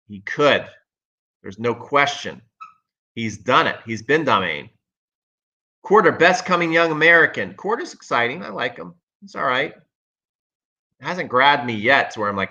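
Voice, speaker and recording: A man's voice: mid-range voice, expressive, normal speed, pauses often, bright, forceful tone, lo-fi sound. A man hosting a casual livestream as a tennis coach, reading viewer comments and giving emphatic, opinionated takes, often repeating himself for effect.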